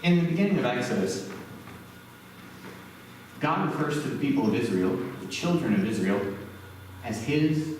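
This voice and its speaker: A man's voice: medium pitch, lively intonation, normal speed, long pauses, darkish tone, slight background noise. A male pastor preaching a sermon in a conversational way, asking the congregation questions. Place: church sanctuary. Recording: echoey church hall, distant mic.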